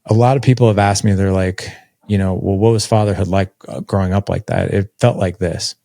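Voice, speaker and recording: A man's voice: low voice, fairly even intonation, a little fast, gravelly, warm tone, no room sound, clean studio sound. A man in his forties telling a personal story as a podcast guest, candid and conversational, with lots of filler words. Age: 40s.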